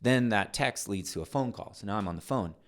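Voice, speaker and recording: A man's voice: fairly low pitch, a little fast. A middle-aged man, a podcast guest, telling stories in conversation, acting out voices and often restarting his sentences. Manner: animated, acts out voices in anecdotes; frequent restarts and trailing phrases. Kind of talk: storytelling in conversation.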